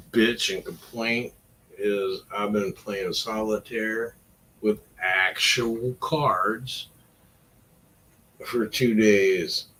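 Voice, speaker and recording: A man's voice: lowish voice, a bit bright, low-quality recording. A middle-aged man rambling in a casual vlog, wry and self-deprecating, trailing off between thoughts. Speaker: vlogger.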